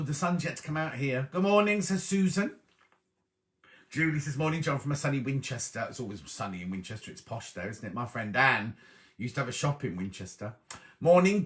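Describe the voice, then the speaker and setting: A middle-aged man with a bright, clear tone, talking a little higher than most men. He hosts a live sewing stream in a chatty, friendly way, reading viewer messages aloud and greeting each person by name. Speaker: host of a live sewing show.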